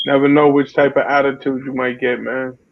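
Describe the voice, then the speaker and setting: A man's voice: mid-range voice, little pitch movement, a little fast, creaky. A man, talking in a laid-back, slangy way in casual chat. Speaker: podcast co-host. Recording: tinny phone-like line.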